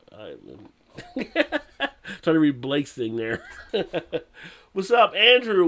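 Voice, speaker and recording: A relaxed man hosts a live stream and chats easily with his viewers. He reads their comments aloud, greets them by name, and laughs often. His voice sits at an ordinary middle pitch. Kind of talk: casual live stream chat.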